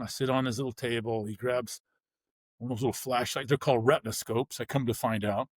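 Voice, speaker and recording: A man's voice: medium pitch, steady tone, brisk, no room sound. A man telling his story bluntly in an interview, acting out the people he quotes. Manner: vivid, blunt storytelling with acted-out dialogue. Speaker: guest, former pro football player.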